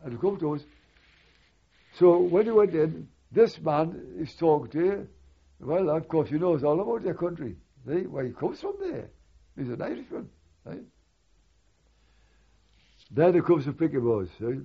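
Husky older man telling war stories. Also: fairly high pitch, big pitch swings, unhurried, pauses often. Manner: rambling, conversational storytelling with asides. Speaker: war veteran recalling memories. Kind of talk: oral history recollection. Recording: dull lo-fi recording.

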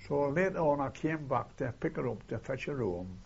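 Gravelly old man telling war stories. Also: medium pitch, animated, moderate pace, lo-fi sound, slight background noise. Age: older. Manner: rambling, keeps adding "see?" and "eh?". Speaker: interviewee recalling war memories. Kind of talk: oral history storytelling.

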